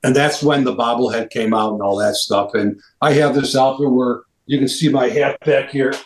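A man guesting on a video call, telling animated anecdotes and acting out the people he quotes. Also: mid-range voice, normal speed, roomy sound, slight background noise, low-quality recording. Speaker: interview guest. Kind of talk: casual storytelling.

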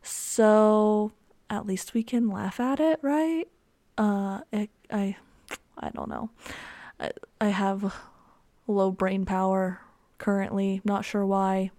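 A young woman speaks slowly on her own podcast in a warm, steady, mid-range voice, pausing often. She tells a rambling story by herself, casually and with many "um"s and "like"s, and there's no room sound.

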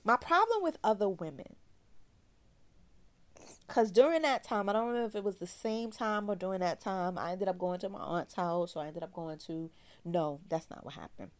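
A woman therapist telling a personal story candidly in a loose, slangy, animated way. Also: mid-range voice, normal speed. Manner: animated, slangy, acts out quoted voices.

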